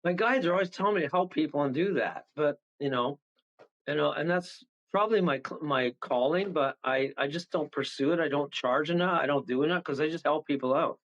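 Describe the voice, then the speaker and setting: A man's voice: a little high, brisk, a bit bright. Chuckling, rambling man on a lo-fi line. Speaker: medium and guest. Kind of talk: casual radio interview chat. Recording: dull lo-fi call audio.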